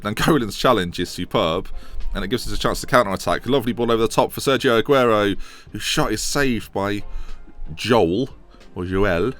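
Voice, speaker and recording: A young man with a hoarse voice from a chest infection, rambling and correcting himself as he streams a football management game and answers chat questions. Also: sits low, fairly bright tone. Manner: chatty, rambling, restarts and self-corrections. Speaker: gaming streamer. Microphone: desk microphone.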